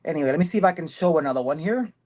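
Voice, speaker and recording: A man's voice: a little high, animated, very fast, darkish tone. A middle-aged man hosting a casual commentary livestream from his phone, rambling and self-mocking, laughing often. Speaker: host.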